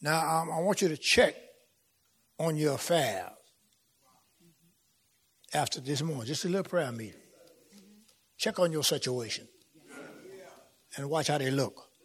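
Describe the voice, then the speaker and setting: A man preaching a sermon as pastor, folksy and repetitive, swelling into shouts. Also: fairly high pitch, expressive, measured pace, pauses often. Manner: casual folksy speech with "y'all" and "ain't". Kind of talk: fiery sermon. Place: church sanctuary with congregation.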